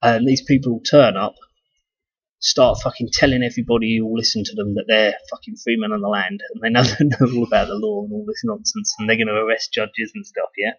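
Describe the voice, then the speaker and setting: This vlogger, a man from the UK, speaks fairly quickly in a husky, mid-range voice with lively intonation, wandering through a casual monologue full of swearing and false starts. The sound quality is muffled and lo-fi.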